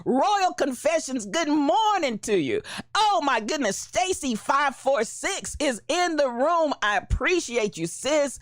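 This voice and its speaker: A woman hosting a casual livestream, greeting viewers by name in a playful, animated way with frequent laughter. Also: high-pitched, measured pace, dry recording, studio quality. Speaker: livestream host.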